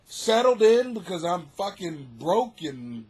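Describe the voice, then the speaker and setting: A man hosting his own comedy podcast, rambling in a profane, animated monologue and laughing at his own jokes, with a husky voice. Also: high-pitched, unhurried. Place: home basement.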